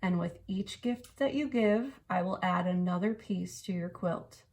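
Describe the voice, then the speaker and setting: Woman voicing a gentle, kind quiltmaker. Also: lowish voice, unhurried. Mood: calm.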